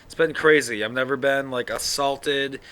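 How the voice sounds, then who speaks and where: A drowsy man hosts his own podcast alone, rambling loosely, cursing freely, yawning between thoughts and leaning on fillers. His ordinary-pitched voice sounds bright and forceful, moving at normal speed.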